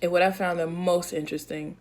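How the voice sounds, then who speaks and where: Lively slangy woman giving a devotional talk. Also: lowish voice, fairly quick. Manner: lively and conversational, slangy, asks "right?". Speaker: Christian speaker.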